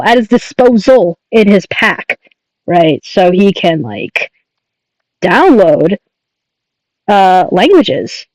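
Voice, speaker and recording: High-voiced rambling male streamer. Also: no room sound, rough recording. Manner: rambling, enthusiastic, many fillers and restarts. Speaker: streamer and artist. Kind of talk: casual livestream chat.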